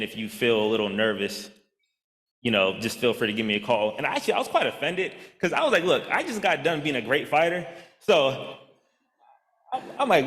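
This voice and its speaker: Young man, keynote speaker, mid-pitch, animated storyteller recorded in a large reverberant hall. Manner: animated storyteller, acts out quoted lines, frequent fillers. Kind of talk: personal storytelling speech.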